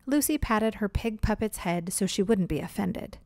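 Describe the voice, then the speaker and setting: Storybook reader, woman, expressive; dry close sound. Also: medium pitch, moderate pace, no room sound. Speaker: read-aloud narrator. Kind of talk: children's storybook reading.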